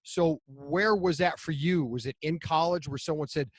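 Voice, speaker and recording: A man's voice: a little high, normal speed, hardly any pauses. A man co-hosting a podcast, chatting casually and asking long, encouraging questions. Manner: encouraging, asks rambling questions. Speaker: podcast co-host. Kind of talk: casual interview chat.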